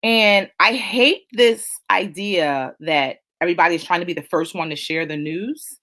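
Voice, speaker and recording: A woman's voice: lowish voice, measured pace, a bit bright. A middle-aged woman hosting a casual live chat, talking emphatically and reading out viewer comments. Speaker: host of a live chat show.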